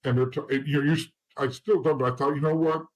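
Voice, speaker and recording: A man's voice: medium pitch, fairly even intonation, quick pace, rough recording. A middle-aged man, a guest in an interview, telling his story in a blunt, profane way and acting out old conversations. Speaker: interview guest, former informant.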